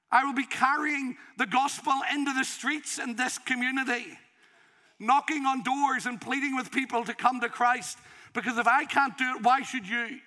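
High, bright-voiced pastor preaching passionately. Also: male voice, big-room sound. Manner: pleading, emotional, emphatic. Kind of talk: impassioned sermon. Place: church in the city.

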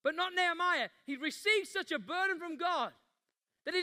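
High-pitched, bright-voiced preacher. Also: male voice, expressive, moderate pace. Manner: passionate preaching, acting out Bible scenes with rising intensity. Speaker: pastor. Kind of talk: sermon.

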